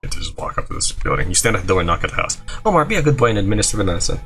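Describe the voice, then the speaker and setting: A man with a low, gravelly voice races through his speech while faint music plays behind. As a gaming YouTuber, he plays a video game and reads its dialogue aloud, animatedly shifting between character voices and asides.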